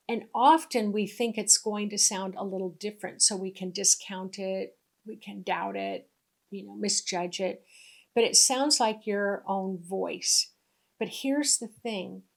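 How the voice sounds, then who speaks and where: Slow-speaking woman teaching spirituality. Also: medium pitch. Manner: gentle, unhurried teaching with soft asides. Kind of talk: instructional spiritual talk.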